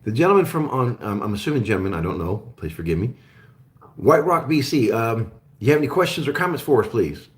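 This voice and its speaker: A man's voice: medium pitch, sing-song, a little fast, reverberant. A man from Germany hosting a casual live-stream chat with viewers, friendly and rambling, with many fillers and restarts. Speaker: show host.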